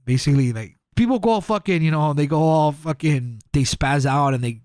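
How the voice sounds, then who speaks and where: In a dry, clean studio recording, a young podcast co-host rambles through a casual story. His slightly high, darkish voice moves a little fast, heavy on filler words and profanity, and he acts out the quotes.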